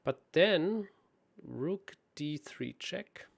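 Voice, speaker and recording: A man's voice: fairly high pitch, expressive, extremely slow, creaky. Man thinking aloud over chess puzzles. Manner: calculates aloud, hesitant and self-deprecating. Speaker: guest solving chess puzzles.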